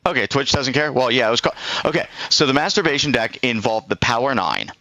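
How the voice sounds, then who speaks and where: A man's voice: mid-range voice, expressive, fast talker, sharp tone, dry recording, rough recording. A middle-aged man on a live stream, telling a rambling anecdote and acting out both sides of the conversation. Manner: rambling storyteller, acts out both sides of the dialogue.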